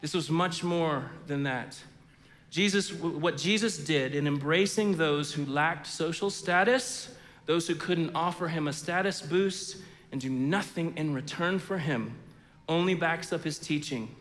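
Male preacher, high bright voice, storytelling sermon, loud then hushed delivery, long hall reverb. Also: measured pace. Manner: storytelling, swings from loud bursts to hushed low lines. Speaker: pastor.

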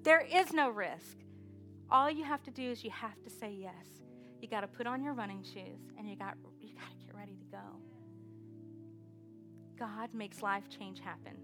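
A woman preaching a sermon with energetic call-and-response exhortation. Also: medium pitch, moderate pace, over music.

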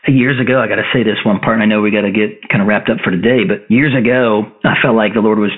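A man's voice: fairly low pitch, steady tone, quick pace, soft background music. A middle-aged man, a guest in a conversational interview, talking earnestly and telling stories. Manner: earnest, storytelling, acts out quotes. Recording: tinny phone-line audio.

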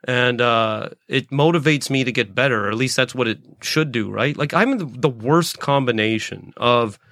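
A man's voice: mid-range voice, normal speed, fairly bright tone, no room sound, clean studio sound. Rambling, self-deprecating man in his late forties. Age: 40s. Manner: rambling, self-deprecating, swears often, restarts sentences. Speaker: podcast host, stand-up comedian. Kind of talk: casual solo podcast monologue.

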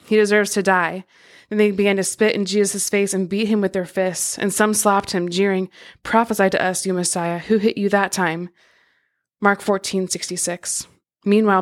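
Flat, steady woman reading scripture. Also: medium pitch. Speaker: podcast co-host reading scripture.

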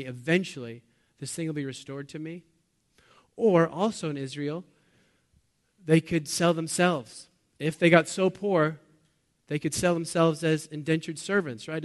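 Preaching to his congregation, this pastor asks them questions as he goes. He alternates between booming outbursts and hushed, low-voiced moments.

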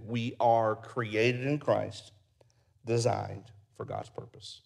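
A man preaching a sermon, telling folksy stories and closing in soft prayer. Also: medium pitch, steady tone, takes it slowly, vocal fry. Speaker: pastor. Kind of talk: sermon with storytelling.

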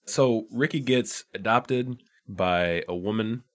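Low-voiced laid-back podcast host. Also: male voice, slow pace. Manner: relaxed, trailing off, laughs often. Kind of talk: casual chat.

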